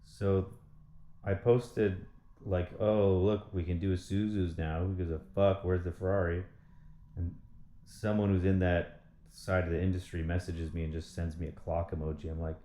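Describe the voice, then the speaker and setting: A vlogger with a low, warm voice rants in frustration through a rambling, profane casual monologue. His delivery is flat and moderately paced, and the sound is reverberant.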